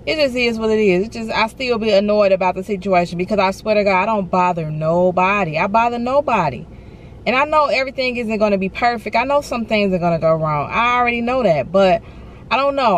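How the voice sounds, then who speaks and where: A woman's voice: a little high, a little hiss or hum. A young woman vlogging from inside a car, chatting and venting to her viewers and calling them y'all and honey. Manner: animated, talks straight to viewers with lots of y'all and honey. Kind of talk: casual ranting chat to viewers.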